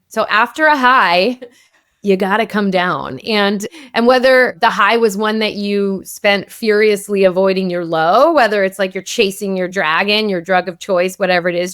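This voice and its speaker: A woman psychotherapist talks through her ideas in a relaxed interview, her voice smooth and clear at a middle pitch. She keeps the talk flowing with easy fillers and little check-ins to her listener. The sound is close and dry, with no room around it. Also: dry recording. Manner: warm, flowing explanations peppered with "like" and "right?". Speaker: psychotherapist and author, guest. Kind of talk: casual interview conversation.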